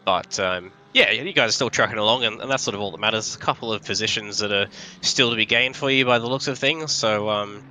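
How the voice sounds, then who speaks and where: A man's voice: fairly low pitch, brisk, pushed and bright, slight background noise. A man who is a bit ill, taking over live race commentary in a friendly, chatty way. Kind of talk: live sim racing commentary.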